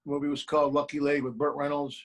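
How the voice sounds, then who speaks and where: Guy on a video call telling stories and doing little voices, kinda high pitched. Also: rapid-fire, low-quality recording. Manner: animated storyteller, acts out quoted voices. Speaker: actor and producer, guest. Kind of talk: remote interview, storytelling advice.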